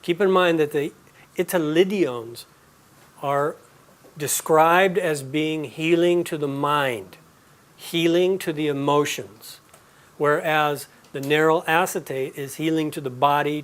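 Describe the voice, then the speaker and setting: A man's voice: a little high, measured pace. Man telling stories in a class. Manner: storytelling, relaxed and conversational. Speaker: aromatherapy teacher. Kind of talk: live class lecture.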